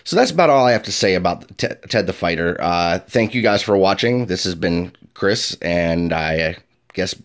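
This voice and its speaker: A man's voice: deep voice, animated, moderate pace. A man, a game master, hosting a casual tutorial and explaining tabletop role-play in a chatty way. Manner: chatty and explanatory, with frequent fillers. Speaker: game master and video host.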